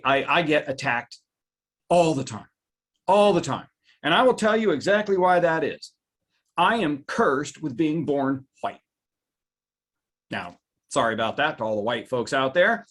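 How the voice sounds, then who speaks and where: A man presenting a live webinar, animated, reading out viewers' reactions by name and jumping up in pitch for emphasis. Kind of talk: lively live webinar talk.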